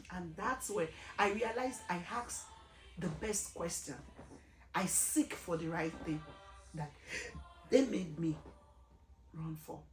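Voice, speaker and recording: A woman giving an earnest, emphatic gospel testimony, asking her listeners rhetorical questions. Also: mid-range voice. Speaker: gospel speaker. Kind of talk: personal testimony sermon. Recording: echoey room with faint music.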